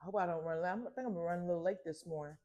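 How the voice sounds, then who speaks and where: Older woman, low voice, casual vlog chatter, home kitchen, faint background noise. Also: racing, darkish tone. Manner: chatty, talks to herself while doing chores. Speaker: vlogger. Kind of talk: casual morning vlog narration.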